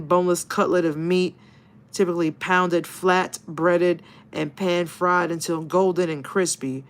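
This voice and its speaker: A woman's voice: fairly low pitch, a bit bright. A woman chatting casually on a livestream, reading viewer comments, laughing often and swearing playfully in slang. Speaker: YouTuber and paranormal investigator.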